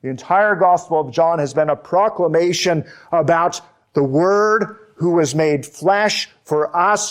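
A man preaching a sermon, slow and emphatic, with deliberate pauses on key words. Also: fairly high pitch. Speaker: pastor.

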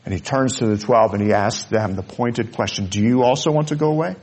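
A man preaching a sermon, earnest, dropping to soft low asides and rising to loud high peaks. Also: a little fast. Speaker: pastor.

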